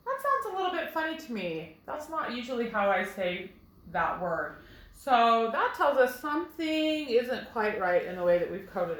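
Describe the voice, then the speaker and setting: A woman teaching a phonics lesson to first graders, patient and slow, explaining each step to young children. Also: a little high, fairly bright tone. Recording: echoey room.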